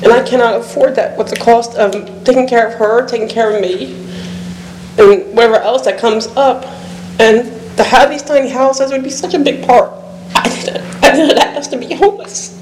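A woman's voice: a little high, moderate pace, a little mellow, roomy sound, slight background noise, rough recording. A woman giving an emotional, pleading public comment at a town meeting, her voice catching with nervous laughs.

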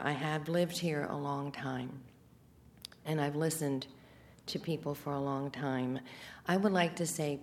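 Older woman, very low voice, earnest and deliberate; faint room noise behind. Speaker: public commenter. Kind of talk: public comment at a council meeting.

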